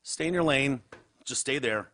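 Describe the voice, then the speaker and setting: A man's voice: mid-range voice, moderate pace, a bit bright, a little hiss or hum. Man, Midwestern American accent, podcast host, blunt, sarcastic, profane, casual banter. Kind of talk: casual talk-show banter.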